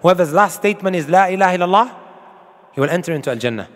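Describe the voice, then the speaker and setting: A man's voice: high-pitched, lively intonation, very fast, a bit bright, in a large hall. A man preaching a sermon to an audience, emphatic and full of rhetorical questions, with Arabic quotations. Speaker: Islamic preacher.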